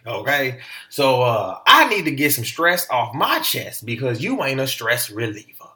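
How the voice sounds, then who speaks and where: A man hosting a casual solo podcast, talking in an animated, slangy way with plenty of swearing. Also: mid-range voice, normal speed. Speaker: podcast host.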